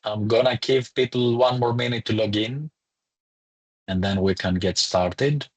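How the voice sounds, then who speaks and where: A man's voice: medium pitch, measured pace, slightly rough. A man, a lecturer, hosting a live online webinar in a chatty, welcoming way with some fillers, speaking into a computer mic.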